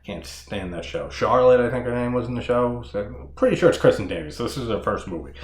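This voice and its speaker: A man's voice: medium pitch, expressive, brisk. Rambling, profane man in an echoey room. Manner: rambling, profane, laughs often. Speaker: horror movie reviewer. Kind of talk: casual solo movie discussion.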